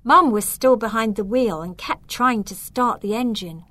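A woman narrating a children's storybook aloud in a clear, measured way. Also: on the high side, a bit bright, no room sound. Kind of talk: storybook reading.

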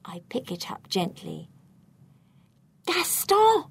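Slow, breathy woman reading a mystery. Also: a little high. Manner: expressive, suspenseful reading. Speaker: narrator. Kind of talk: read-aloud storybook narration.

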